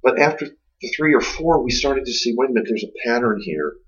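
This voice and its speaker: A man's voice: mid-range voice, a little fast, breathy edge. A man co-hosting a parenting talk, telling stories with wry humor. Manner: expressive storyteller, wry humor. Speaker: co-host, Christian homeschooling parent. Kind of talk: conversational podcast talk. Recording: dull lo-fi sound.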